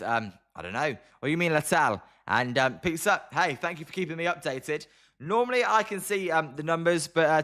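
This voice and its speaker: British man, live-stream baseball caller. Bright, slightly high voice, chatty and relaxed. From Britain. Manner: chatty, greets viewers by name between pitches. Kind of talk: casual live play-by-play and chat reading.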